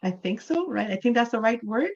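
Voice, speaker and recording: A woman's voice: fairly high pitch, lively intonation, a little fast, highs cut off. A woman from Canada, a native English speaker, teaching an online English class and explaining things patiently, often checking in with "right?".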